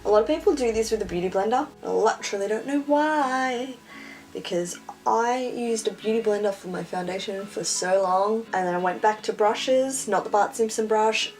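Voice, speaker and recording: A woman's voice: medium pitch, normal speed, a little mellow, soft background music. A young woman chatting casually and self-mockingly through a makeup tutorial. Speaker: beauty vlogger.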